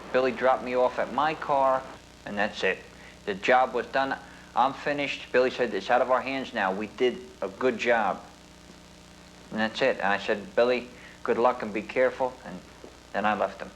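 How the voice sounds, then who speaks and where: A man's voice: medium pitch, steady tone, normal speed, fairly bright tone. New man, middle-aged retired cop, plain-spoken documentary narrator, noisy recording. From New Jersey. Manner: plain-spoken storytelling that acts out quoted dialogue. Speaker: retired police officer working undercover.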